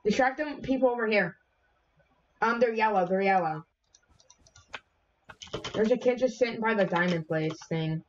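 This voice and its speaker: A woman streamer giving casual gaming commentary, reacting quickly and excitedly to the game. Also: medium pitch, muffled recording, a little hiss or hum. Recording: keyboard clicks behind.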